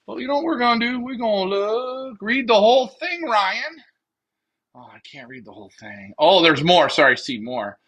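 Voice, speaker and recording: A man with a high, bright voice hosts a casual pigeon racing live stream, cracking jokes and rambling to his viewers. He talks into a phone he carries while walking out to his backyard loft at night. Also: slight background noise. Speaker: pigeon racing show host.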